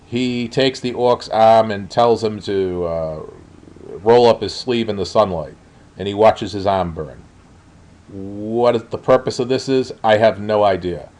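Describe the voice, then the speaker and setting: A man's voice: lowish voice, darkish tone. A man reviewing a show in a blunt, exasperated way, with frequent ums and uhs. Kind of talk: spoken review.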